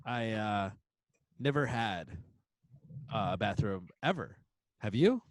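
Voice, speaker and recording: A man hosting a casual podcast chat over a remote call, animated, laughing often and using many fillers. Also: lowish voice, takes it slowly, dry recording. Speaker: podcast host.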